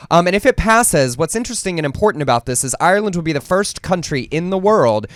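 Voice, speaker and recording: Guy cohosting a news chat, kinda high voice, swings around a lot, snarky. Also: fast talker, no room sound. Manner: animated, sarcastic asides. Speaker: talk show co-host.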